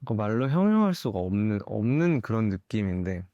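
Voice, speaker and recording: A young man, a singer, giving candid interview answers in a thoughtful, halting way with soft laughs. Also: fairly low pitch, big pitch swings, dry recording, dull audio.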